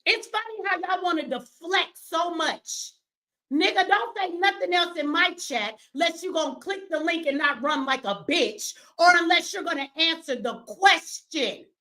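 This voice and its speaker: A woman running a live stream, confrontational and profane, swinging between yelling at viewers and slow, emphatic explaining. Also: very high-pitched, lively intonation. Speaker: livestreamer answering her chat; business owner.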